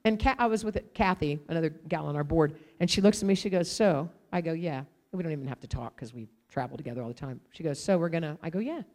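A woman preaching a sermon, telling a lively personal story with loud exclamations and hushed asides. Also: deep voice, rapid-fire, few pauses, in a large hall.

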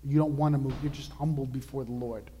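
A man preaching a sermon as pastor, earnest and emphatic, slowing down to stress key words. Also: mid-range voice, fairly even intonation, dark tone, long reverb tail, a little hiss or hum. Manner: earnest, emphatic preaching with slow drawn-out lists.

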